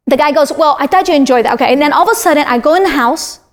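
High-voiced animated woman from Florida. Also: very fast. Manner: animated storyteller, self-described talker. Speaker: guest sharing a faith testimony. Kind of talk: conversational testimony.

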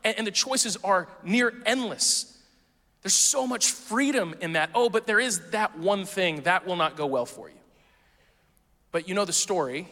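Bright-voiced preacher man in a reverberant hall. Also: high-pitched, animated. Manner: conversational and playful, with quick asides to the congregation. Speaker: pastor. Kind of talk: sermon.

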